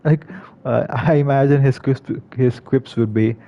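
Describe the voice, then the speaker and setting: A man's voice: mid-range voice, fairly even intonation, a little slow. Hesitant man, slightly muffled recording. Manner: hesitant, many fillers and restarts. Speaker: gaming video creator. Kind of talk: casual commentary.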